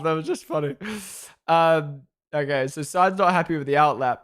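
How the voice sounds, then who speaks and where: A man hosts a live race watchalong in a slightly high, clear, resonant voice at a normal pace. Chatty and excitable, he reacts to the race, reads viewer comments, and thanks his followers.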